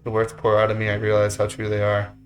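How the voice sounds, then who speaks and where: A man's voice: lowish voice, fast, faint music behind. Man narrating a visual novel. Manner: steady narration with goofy joking asides. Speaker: let's play host reading a visual novel. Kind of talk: reading a visual novel aloud.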